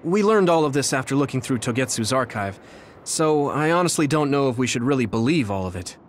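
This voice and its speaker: A man's voice: mid-range voice, animated, a little fast, slight background noise, natural voice. A man voicing an earnest young male hero in a video game, speaking sincerely and steadily. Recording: game audio with music behind.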